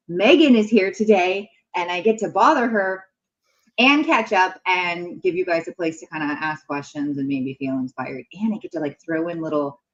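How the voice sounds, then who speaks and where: A woman's voice: fairly low pitch, highs cut off. A woman hosting a casual livestream talk show, rambling and chatty with lots of fillers.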